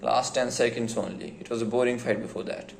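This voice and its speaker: A young man talks through a fight interview with loud enthusiasm, swearing freely and laughing as he retells the best lines. His mid-pitched voice sits in an echoey room. A faint hum of ambient noise runs underneath. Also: fairly quick, vocal fry. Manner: excited, swearing, laughs often, retells quotes with relish. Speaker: commentator recapping an interview. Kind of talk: casual reaction commentary.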